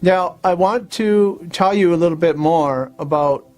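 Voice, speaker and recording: Man calmly guiding a tapping lesson. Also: high-pitched, a little slow. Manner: repetitive instructional talk with affirmation phrases. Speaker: host and tapping practitioner.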